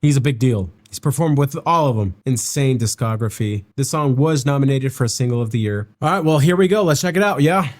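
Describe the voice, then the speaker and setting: A man's voice: medium pitch, animated, brisk, few pauses. A young man hosting a reaction video, chatting casually and reading notes aloud, often stumbling over names and correcting himself.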